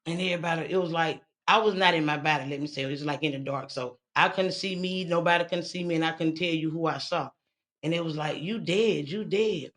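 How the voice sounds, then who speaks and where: A woman's voice: low-pitched, steady tone, fast, a bit bright. A woman guest telling her own survival story in a candid, blunt and profane way. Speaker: interview guest. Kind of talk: candid personal testimony.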